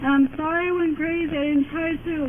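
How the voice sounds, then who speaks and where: A drunk young woman in the back of a police car, cursing, shouting and pleading, caught on a bodycam. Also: high-pitched, flat delivery, fast. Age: young adult. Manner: screaming, cursing, then pleading and rambling. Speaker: arrested woman in a patrol car. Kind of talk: bodycam footage. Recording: muffled lo-fi bodycam with loud noise.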